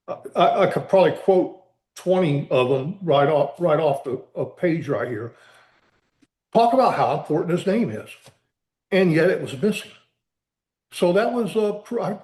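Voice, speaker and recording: Man, author interview, slow halting delivery, slightly high voice, echoey room. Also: a little mellow. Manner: halting, with many repeated words and restarts; earnest explaining. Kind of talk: conversational interview.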